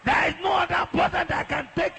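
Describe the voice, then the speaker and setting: A man preaching a sermon as a pastor, leading a congregation in loud, exhorting prayer. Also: extremely high pitch, fairly even intonation, a little fast, creaky, some chatter behind, a little hiss or hum.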